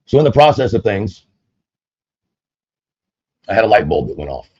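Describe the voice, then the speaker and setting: A man's voice: on the low side, sing-song, moderate pace, a little mellow, husky, no echo, highs cut off. A man streaming online, chatting at length to his viewers in a rambling, casual way. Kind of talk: casual livestream monologue.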